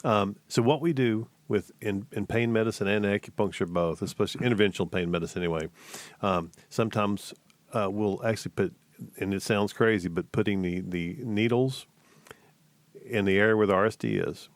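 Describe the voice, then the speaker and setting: A man, a pain medicine doctor co-hosting a radio show, explaining in a halting way with many restarts. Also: fairly low pitch, no room sound. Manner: halting, repeats words. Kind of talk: casual radio discussion.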